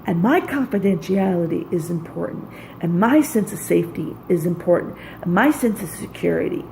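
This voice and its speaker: A woman's voice: fairly low pitch, gravelly, mellow, slight background noise, rough recording. A woman speaking in an intense, raw, profane personal monologue, pouring out anger and hurt. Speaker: vlogger.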